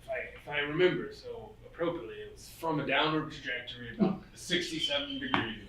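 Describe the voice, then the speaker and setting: A man playing a tabletop game, joking and quick to defend his character's actions. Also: medium pitch, pushed and bright. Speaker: player. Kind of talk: casual tabletop game banter. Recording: roomy, distant mic.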